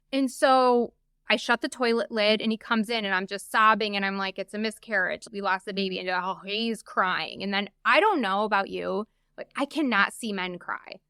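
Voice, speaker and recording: A woman's voice: mid-range voice, bright, forceful tone, clear, resonant tone, no echo, clean studio sound. A woman guest on a podcast, telling a personal story in a candid, chatty way with lots of casual asides. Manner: chatty, open, frequent "like" asides.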